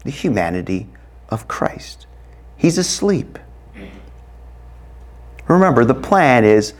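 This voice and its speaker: A middle-aged man preaching a sermon in an expressive way, acting out voices in sudden loud, high bursts. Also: slow, long pauses. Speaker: pastor.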